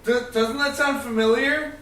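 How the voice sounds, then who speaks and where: A man's voice: very high voice, fairly even intonation, normal speed, fairly bright tone, reverberant, far from the mic. A young man, a podcast co-host, chatting casually about games, chiming in with short profane remarks. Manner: chimes in with short agreements, profane. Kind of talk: casual gaming chat.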